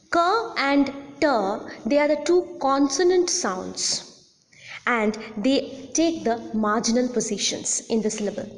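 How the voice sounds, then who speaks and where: A woman giving a recorded audio lecture, explaining slowly and deliberately with repeated examples. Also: fairly high pitch, a little mellow, big-room sound.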